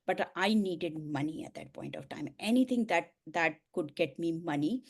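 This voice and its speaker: A middle-aged woman, a coach and speaker, telling a personal story in an interview, earnest and emotional with soft laughs. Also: lowish voice, moderate pace, vocal fry.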